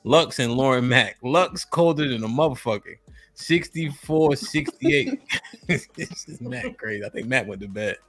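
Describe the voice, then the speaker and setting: A man's voice: mid-range voice, expressive, measured pace, a bit bright. A man hosting a casual live stream, joking and reading viewers' donation messages aloud. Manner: loose and joking, reads chat messages aloud. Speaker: podcast host.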